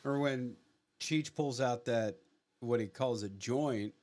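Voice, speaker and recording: A man with a mid-range voice talks at an easy, unhurried pace. He trades laid-back, profane banter in late-night podcast chat. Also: medium pitch, darkish tone. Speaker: podcast co-host.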